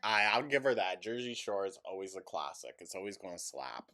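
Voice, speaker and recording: A man's voice: low-pitched, very animated, fairly quick, sharp tone. A man hosting a mocking reaction commentary, sarcastic and snarky, often breaking into laughter. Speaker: commentary host.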